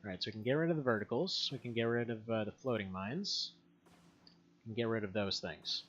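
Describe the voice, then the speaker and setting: A man's voice: fairly low pitch, fairly quick, a bit bright, lo-fi sound, slight background noise. Chatty rambling man streaming a game. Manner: rambling and chatty, laughs often. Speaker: gaming streamer. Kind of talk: casual gameplay commentary. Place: home.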